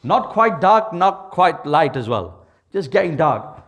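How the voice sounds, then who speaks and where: A male preacher telling a dramatic parable in a sermon, with lots of vivid detail. His voice is high and swoops widely, and he drops in Urdu and Arabic phrases. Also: sing-song, slow, dull audio. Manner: mixes Urdu and Arabic words. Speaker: Islamic preacher. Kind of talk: sermon storytelling.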